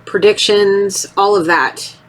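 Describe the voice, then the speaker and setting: A woman in her thirties with a mid-range voice takes her time giving a casual tarot reading. She rambles animatedly and often acts out little voices.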